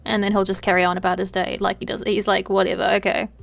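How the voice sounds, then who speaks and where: A woman streamer chatting casually while playing a game, animated and playful, with quick asides and some swearing. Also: mid-range voice, vocal fry.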